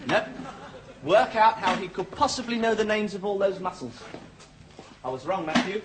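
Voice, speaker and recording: An actor playing an eager recruit sleuthing. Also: male voice, high-pitched, normal speed, lightly acted. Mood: explaining. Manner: animated, self-satisfied. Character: eager young male recruit playing detective. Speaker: RAF trainee. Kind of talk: 1980s TV sitcom acting. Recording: noisy old TV soundtrack.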